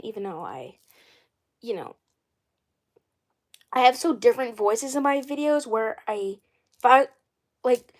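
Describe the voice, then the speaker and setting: A young woman in her twenties chatting casually on a livestream about the dolls she voices, rambling, correcting herself and often clearing her throat. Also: high voice. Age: 20s. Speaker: doll series creator.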